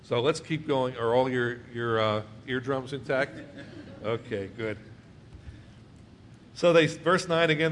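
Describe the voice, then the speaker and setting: Conversational preacher with faint hiss. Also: male voice, medium pitch, measured pace, pauses often, fairly bright tone. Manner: reads scripture aloud then explains it conversationally; asks the congregation questions. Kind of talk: verse-by-verse Bible teaching.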